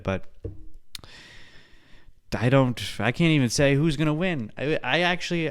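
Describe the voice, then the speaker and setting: A man's voice: mid-range voice, a bit bright, smooth. Young male podcast host, casual and profane, rambling delivery, mid-range voice. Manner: profane, rambling, laughs a lot.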